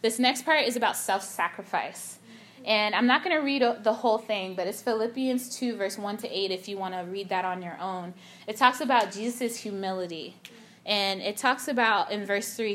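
A young adult woman giving a casual sermon, telling a personal story in an animated way with lots of filler words and acted-out quotes. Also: mid-range voice, normal speed. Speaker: youth speaker.

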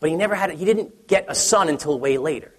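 Pastor guy in his 30s telling a story in a sermon, kinda husky, big echoey hall. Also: fairly high pitch, fast. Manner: conversational storytelling with many restarts, acts out his son's excited voice.

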